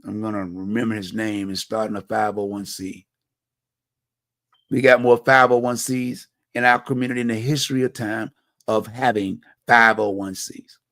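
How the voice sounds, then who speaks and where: A man's voice: lowish voice, fairly even intonation, moderate pace, a bit bright, no room sound, studio quality. A middle-aged man from Virginia, hosting a community talk show, speaking bluntly in a repetitive, slangy, conversational monologue. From Hampton Roads, Virginia. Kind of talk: personal monologue on community violence.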